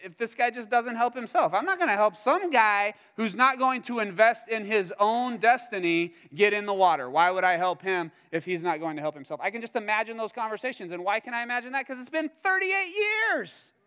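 High-voiced preacher in a reverberant hall. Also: male voice, clean tone. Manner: animated, humorous storytelling with acted-out quotes. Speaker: pastor. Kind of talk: sermon.

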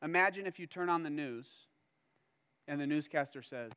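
High-voiced preacher in a reverberant hall. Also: male voice, moderate pace, long pauses, smooth. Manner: animated, humorous storytelling with acted-out quotes. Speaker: pastor. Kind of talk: sermon.

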